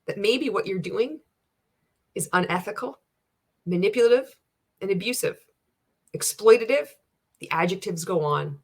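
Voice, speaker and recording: A woman's voice: medium pitch, lively intonation, normal speed, pauses often, slightly rough. A woman giving a sarcastic, profane reaction rant as a video commentator, blunt and scornful.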